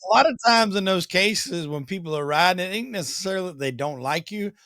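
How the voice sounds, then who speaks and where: A man's voice: high-pitched, lively intonation, fairly quick, pushed and bright. A man hosting a casual interview, agreeable and reflective in a plain way. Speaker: podcast host.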